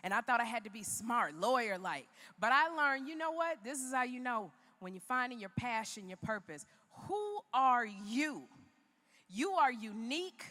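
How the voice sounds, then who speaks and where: In a sharp, expressive voice on the high side, the keynote speaker tells her story at a moderate pace, emphatic like a preacher. The Chicago woman's motivational speech fills a large arena with big-room sound.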